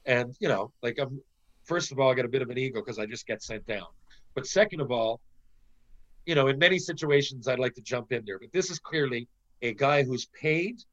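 Briskly and in a mid-range voice, a middle-aged ex-hockey pro from Canada relays a casual story with lots of cursing. He acts out the quotes with animation, and the recording lacks its highs.

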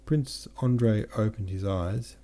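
A man reading a classic novel aloud as a podcast narrator, steady, with small slips he corrects himself. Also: fairly low pitch, a little slow. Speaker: audiobook narrator and podcast host.

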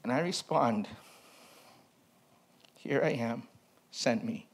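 A man's voice: mid-range voice, slow pace, husky. A man preaching as a pastor in a personal sermon, reading from his old journal in a candid, reflective and self-mocking way.

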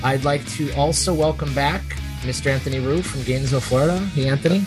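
A man's voice: medium pitch, fast talker, music in the background. A man hosting a casual podcast, telling stories in a rambling way and often correcting himself as he goes. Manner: rambling, self-correcting storyteller. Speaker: podcast host.

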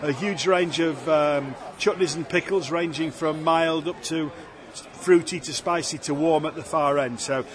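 A man's voice: fairly high pitch, a little slow. A man in his fifties, interviewed at his stall, chatting and poking fun at himself. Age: 50s. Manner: chatty, self-deprecating. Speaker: stallholder and amateur singer. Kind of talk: casual interview chat. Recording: outdoor crowd behind.

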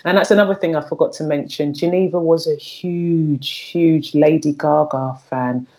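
As a guest, a middle-aged woman with a strikingly low, mellow voice speaks candidly in a plain conversational tone. She's frank and earthy, often doubling back and repeating words while she hunts for them, with fairly even intonation and a moderate pace.

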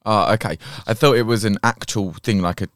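A man's voice: lowish voice, a little fast, no echo, studio quality. A man co-hosting a podcast in casual chat, frank and teasing, laughing often. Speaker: podcast co-host.

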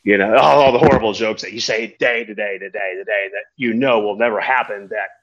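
A man's voice: lowish voice, brisk, a bit bright, lo-fi sound. A man, a tandem skydiving instructor telling a story in a casual, rambling chat and swearing freely.

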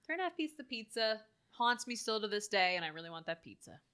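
A woman's voice: medium pitch, big pitch swings, fairly bright tone, smooth. A woman co-hosting a casual podcast chat about a film, joking and laughing often. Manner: giggly, jokey, quick to laugh. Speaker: podcast co-host.

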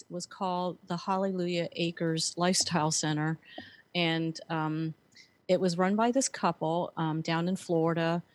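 Woman guest telling her story earnestly, low voice, dry close sound, lots of um and you know. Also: no room sound. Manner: earnest storytelling with frequent fillers. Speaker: guest, author and speaker. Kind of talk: conversational interview.

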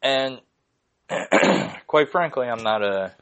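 A young man hosting his own podcast, ranting casually in an excitable, profane, rambling way. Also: mid-range voice, drawn-out words, smooth. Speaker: podcast host. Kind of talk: casual solo podcast rant.

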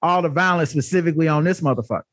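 A man co-hosting a podcast in casual chat. He talks in an animated, profane way and often mimics other people. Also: fairly high pitch, racing, dry recording, studio quality. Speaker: podcast co-host.

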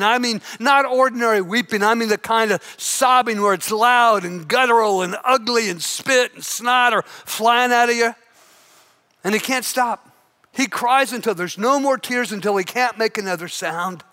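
A man preaching a sermon, telling a story dramatically and dropping to a hushed intensity at its peaks. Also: high-pitched. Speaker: pastor.

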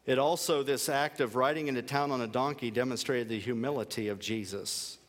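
A man's voice: medium pitch, a little fast, fairly bright tone, long reverb tail. A male pastor delivering a sermon in an earnest, emphatic way, repeating key phrases for weight.

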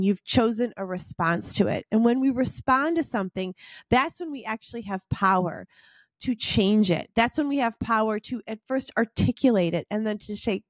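A woman's voice: fairly high pitch, dry recording, clean studio sound. A woman hosting a podcast, talking earnestly and encouragingly in a reflective self-help monologue aimed straight at the listener. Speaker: podcast host.

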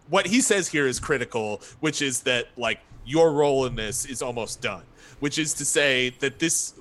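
A podcast co-host with a mid-range, slightly bright voice chats casually while recapping a TV show. He laughs often and swears freely.

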